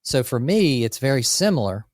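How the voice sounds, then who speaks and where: A man co-hosting a casual business podcast, talking energetically through lists with quick asides about running a landscape company. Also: mid-range voice, very animated, dry recording, studio quality.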